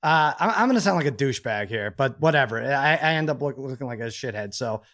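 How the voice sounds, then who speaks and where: A man's voice: medium pitch, expressive, fast talker, fairly bright tone. A middle-aged man co-hosting a casual chat, telling a rambling, self-mocking story. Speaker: podcast co-host.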